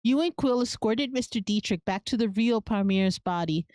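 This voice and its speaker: A woman's voice: medium pitch, moderate pace, darkish tone, no room sound, studio quality. A woman streamer reading a story game aloud, narrating evenly and laughing at the scenes. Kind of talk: game narration and live reactions.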